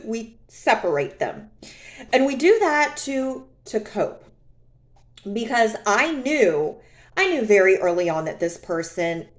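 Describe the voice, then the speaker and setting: A woman vlogger talking candidly from her own experience in a reflective personal monologue, often repeating phrases for emphasis. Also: on the high side.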